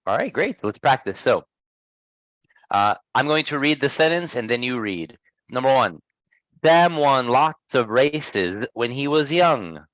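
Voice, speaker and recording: A man teaching pronunciation one-on-one, patiently modelling words and gently correcting his student. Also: mid-range voice, expressive, measured pace, no echo, low-quality recording. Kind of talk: one-on-one lesson.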